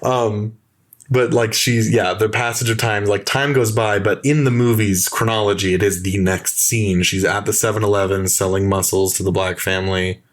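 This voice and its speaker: A young man hosting a film podcast, casually and mockingly retelling movie scenes with animated play-acting. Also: fairly low pitch, normal speed. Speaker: podcast host.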